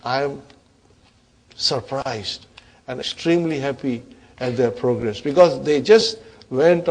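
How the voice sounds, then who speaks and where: A man teaching an online Arabic grammar class, encouraging his students and often checking in with a quick "huh?". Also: medium pitch, darkish tone, slightly rough. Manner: addresses students as brothers and sisters.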